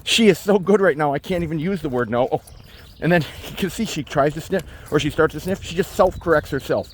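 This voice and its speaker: Out in a state forest, a male dog trainer talks through his methods, often dropping into high-pitched baby talk with the dog. He speaks briskly, and a faint hiss or hum runs underneath.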